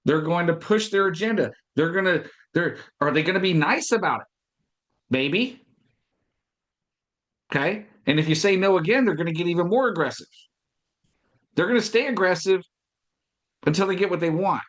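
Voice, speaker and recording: A man coaches listeners on sales with emphatic conviction, repeating his key lines for weight. His voice sits a little on the high side. He slips into quick acted-out dialogue from his past. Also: lively intonation, fairly bright tone. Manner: emphatic, repeats points, acts out past conversations. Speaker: podcast host and business coach. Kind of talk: motivational talk on sales.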